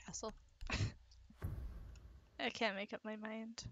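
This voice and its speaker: A young woman streams a shooter game and banters with her friend, her voice high and bright. She talks at a slow, easy pace, teasing and laughing a lot. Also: level tone. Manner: playful, teasing, laughs often. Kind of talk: casual gaming chat.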